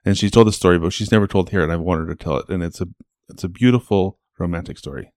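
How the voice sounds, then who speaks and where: Podcast host man, very deep voice, relaxed chat, dry close mic. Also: quick pace, no room sound. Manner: relaxed, chatty, interjecting.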